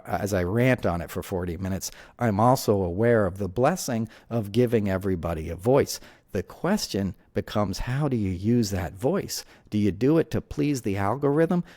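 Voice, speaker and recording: A man's voice: lowish voice, dark tone, dry recording. A man hosting his own podcast, talking alone in a passionate, rambling way, full of "you know" and "right?". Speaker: podcast host. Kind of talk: solo podcast monologue.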